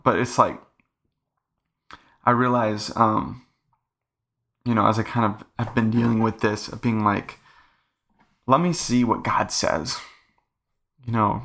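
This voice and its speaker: A man's voice: medium pitch, vocal fry, a bit bright. A young man hosting a casual faith podcast, talking earnestly in a rambling way full of fillers. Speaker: podcast host.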